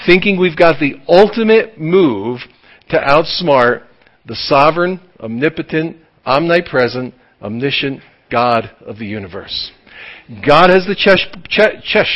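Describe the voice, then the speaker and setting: A male preacher delivering a sermon with a high, lively voice. He swoops up and down in pitch and acts out quick bits of dialogue as he preaches. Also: poor audio. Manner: animated preaching with acted-out dialogue. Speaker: pastor.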